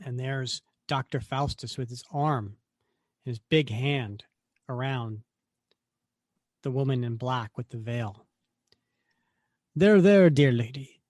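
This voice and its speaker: A man's voice: medium pitch, steady tone, slow, pauses often, no room sound, clean studio sound. A man co-hosting a podcast, chatting casually about comics, laughing easily. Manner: chatty, laughs easily, reads aloud with mock drama. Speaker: podcast co-host. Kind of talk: casual comic book discussion.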